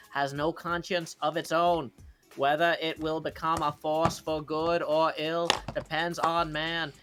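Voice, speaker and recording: Man doing a Massachusetts-accented male politician, slow and declaiming, soft music under. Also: a little high. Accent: Massachusetts (put on).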